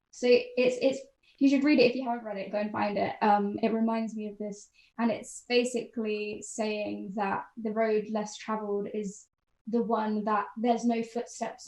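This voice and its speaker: A woman co-hosting a casual podcast chat, talking with animated enthusiasm and laughing often. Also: mid-range voice, echoey room, low-quality recording. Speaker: podcast co-host.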